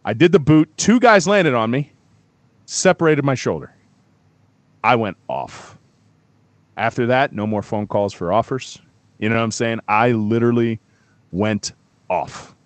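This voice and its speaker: A middle-aged man on a sports talk show, telling a story with growing heat and cursing freely. His voice is at an ordinary pitch, recorded close and dry with no room sound. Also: a little slow, pauses often, no room sound. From Florida. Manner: animated storyteller, swears freely, gets worked up.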